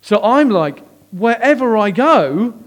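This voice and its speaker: A man, a pastor preaching a sermon as lively, conversational personal storytelling. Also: high-pitched, slow.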